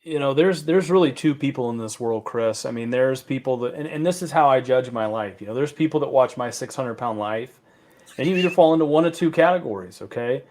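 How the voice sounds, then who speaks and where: A man's voice: medium pitch, fairly quick, a little mellow. A man with a Southern accent hosting a casual sports podcast, talking in a laid-back, rambling way with casual swearing. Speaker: podcast host.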